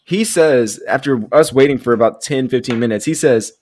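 A man's voice: medium pitch, normal speed, a crowd in the background. A man co-hosting a podcast, giving confident takes on fantasy football in casual chat. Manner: confident, teasing. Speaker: podcast co-host.

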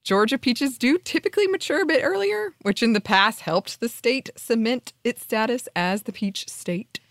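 A woman co-hosting a podcast in casual chat, playful and quick to mock outrage and laughter. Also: fairly high pitch, expressive, dry recording, studio quality. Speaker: podcast co-host.

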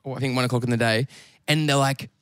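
A young Australian man, a podcast guest, telling stories in an excitable, sweary way. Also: medium pitch, quick pace, clean tone. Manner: excitable, sweary, lots of acted-out quotes. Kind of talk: casual storytelling chat.

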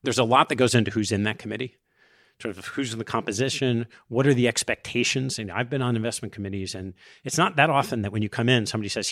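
A middle-aged man hosting a podcast, explaining ideas in a lively conversational way with quoted asides. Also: medium pitch, fast talker, no room sound, clean studio sound. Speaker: podcast host interviewing investors.

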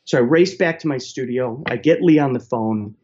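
Sharing his life story as a guest, a middle-aged central New Yorker talks at a moderate pace in a mid-range voice, casually and animatedly doing the voices of the people involved. The sound is lo-fi with a little hiss or hum.

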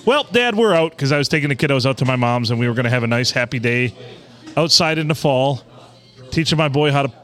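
A man co-hosting a podcast, telling profane, animated stories in casual chat at a bar. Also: medium pitch, fast. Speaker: podcast co-host. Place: bar on a Monday night.

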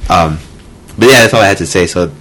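Lower-voiced man, halting casual talk. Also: a bit bright, poor audio. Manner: halting, full of "like" and restarts, swears. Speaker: podcast guest. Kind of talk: casual chat.

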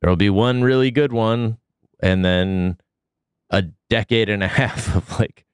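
Deep raspy guy with a cold, loose podcast chat, dry close mic. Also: measured pace, no echo. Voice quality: deep gravelly voice. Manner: relaxed, with many ums and uhs. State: sick, foggy. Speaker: podcast co-host. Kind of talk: casual news chat.

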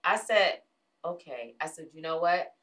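A woman hosting a casual talk show, telling a story with animated delivery, acting out other people's lines and swearing bluntly. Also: low voice, unhurried. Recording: voice a bit distant from the mic.

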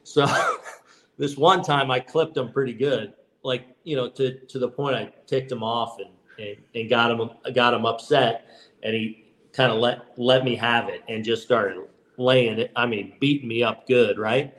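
Man telling stories in relaxed chat. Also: mid-range voice, normal speed. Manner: relaxed, many restarts and "you know"s. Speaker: baseball manager and guest. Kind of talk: casual podcast storytelling.

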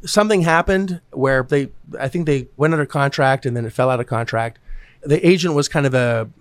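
A real estate investor hosting a podcast speaks briskly in a mid-range voice with no echo. He talks about deals in a blunt, casual chat, cursing freely and acting out others' words.

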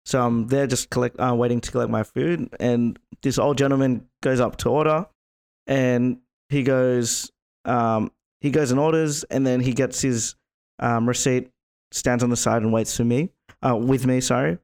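A man's voice: medium pitch, fairly even intonation, normal speed, creaky, darkish tone, smooth. A young adult man, telling a rambling story on a casual podcast. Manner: rambling, lots of fillers.

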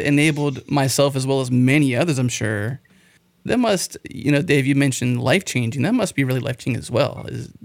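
A man hosting a podcast interview, talking in a relaxed, conversational way. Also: medium pitch, gravelly, no room sound. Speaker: podcast host.

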